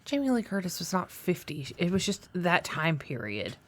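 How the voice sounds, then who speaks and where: A woman's voice: lowish voice, sing-song, moderate pace. A woman co-hosting a comedy podcast, chatting casually and bluntly with jokes. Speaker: podcast co-host.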